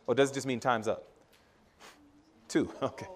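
Here a man preaches to a congregation at medium pitch and a moderate pace. Laughing and full of energy, he performs exchanges with his children and keeps calling the crowd brothers and sisters.

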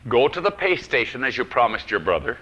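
A man preaching a sermon, telling a personal story and swinging from loud declarations to hushed whispers. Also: mid-range voice, very animated, a little fast. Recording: dull lo-fi old recording.

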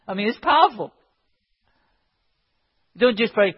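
A man's voice: high-pitched, lively intonation, a little slow, slightly rough. A man preaching a sermon in an impassioned way, building up to emphatic cries. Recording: dull sound in a reverberant hall.

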